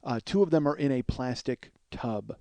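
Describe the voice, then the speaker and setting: A man in his forties rambles through a comic story on his podcast, swearing freely and getting worked up. His voice is dark and mellow, and it sounds dry and close. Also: medium pitch, normal speed, creaky, no room sound. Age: 40s. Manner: profane, exasperated, storytelling with quoted exchanges. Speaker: podcast host.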